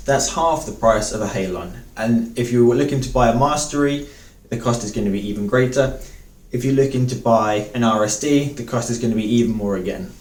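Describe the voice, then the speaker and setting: A man talks through a guitar bridge review with plain enthusiasm, often repeating words to stress them. His voice sits at an ordinary middle pitch. The mic is some way off, so the room echo is easy to hear. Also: darkish tone, distant mic. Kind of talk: product review talk to camera.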